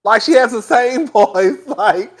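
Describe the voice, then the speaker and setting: A man hosting a casual talk stream, animated and sassy, laughing often as he chats. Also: very high voice, takes it slowly. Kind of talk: casual commentary chat.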